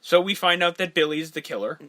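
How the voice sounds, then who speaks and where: A man's voice: fairly high pitch, a little fast. A man co-hosting a podcast, recapping a film in casual chat, laughing often and acting out the lines he quotes. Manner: animated, laughing, acts out quotes. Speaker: podcast co-host.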